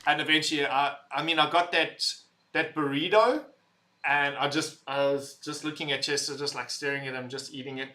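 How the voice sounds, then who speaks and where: Loud, laughing bright-voiced man. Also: on the high side, fairly even intonation, normal speed. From visitor to the UK. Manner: loud, laughing, swearing, rambling. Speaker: livestream host reading chat. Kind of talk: casual livestream chat.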